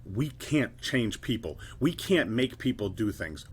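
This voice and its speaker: A man's voice: fairly low pitch, very animated, unhurried, hardly any pauses, breathy edge. A middle-aged man giving a motivational talk, telling his own story bluntly, swearing and tagging points with "right?". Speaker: keynote speaker.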